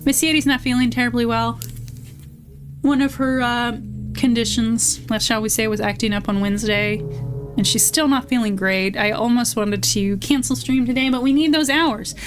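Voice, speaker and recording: A woman's voice: fairly high pitch, moderate pace. A young woman streaming, chatting casually, swearing freely and reading chat aloud. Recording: faint music behind.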